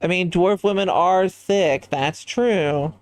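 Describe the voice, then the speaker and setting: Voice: medium pitch, takes it slowly, no echo. A livestreamer chatting casually while designing a character, thinking aloud and answering chat in a musing way.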